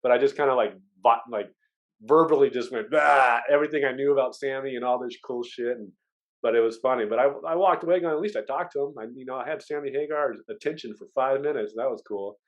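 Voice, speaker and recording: A man chatting as a podcast guest, telling lively stories and acting out what people said. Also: medium pitch, fast talker, lo-fi sound. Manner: lively storyteller who acts out quotes. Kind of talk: casual chat.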